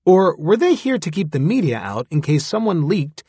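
A man with a husky voice narrating a story in the first person, in a close, dry recording. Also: a little high, sing-song, moderate pace, mellow, no room sound. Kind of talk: scripted audiobook narration.

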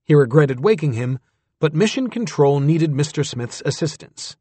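A man with a husky voice narrating a story in the first person, in a close, dry recording. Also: a little high, lively intonation, normal speed, warm tone, no room sound. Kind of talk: scripted audiobook narration.

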